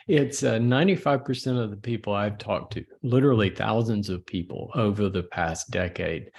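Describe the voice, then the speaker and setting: Lower-voiced man in his sixties. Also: a little mellow. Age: 60s. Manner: measured, reflective storytelling. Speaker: physician guest. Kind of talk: casual interview.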